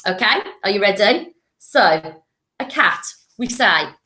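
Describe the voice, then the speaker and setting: A woman's voice: mid-range voice, animated, slow pace, sharp tone, roomy sound. A woman teaching a primary school language lesson, encouraging and playful, in a recorded classroom lesson. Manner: encouraging, with playful animal voices.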